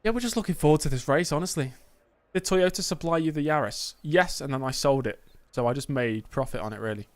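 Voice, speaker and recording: A man's voice: a little high, fast talker, no echo. A man livestreaming a racing game, bantering with chat in a mock press conference and calling viewers mate. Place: indoor streaming setup with green screen.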